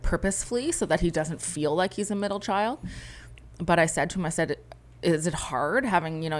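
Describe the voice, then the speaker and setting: A woman in her thirties co-hosts a podcast, sharing a candid, emotional story in a rambling, heartfelt way. Her voice is deep, and the recording carries a slight hiss or hum.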